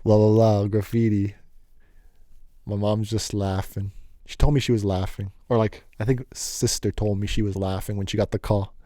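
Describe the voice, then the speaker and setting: A man telling a casual storytime tale, animated and laughing often, acting out the voices of people in it. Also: fairly low pitch, brisk, no echo, clean studio sound. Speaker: storyteller vlogger.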